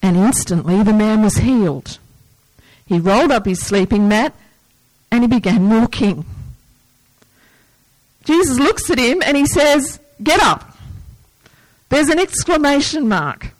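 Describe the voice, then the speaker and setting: A woman's voice: a little high, unhurried, pauses often, no echo, low-quality recording. A woman preaching a sermon in an earnest, plain manner, reading scripture and asking the listeners questions. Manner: earnest, breaks into lively movie-yelling asides.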